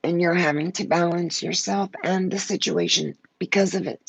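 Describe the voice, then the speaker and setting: Gravelly low-voiced woman reading tarot. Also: steady tone, normal speed, rough recording. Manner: blunt, emotional, swears freely. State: emotional, short of breath. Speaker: tarot card reader. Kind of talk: live-stream tarot reading.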